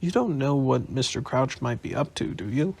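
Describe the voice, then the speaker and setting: A man's voice: medium pitch, lively intonation, normal speed, vocal fry, a little mellow, slightly rough. A man voicing a teenage boy who speaks plainly and directly. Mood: curious. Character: curious teenage boy wizard.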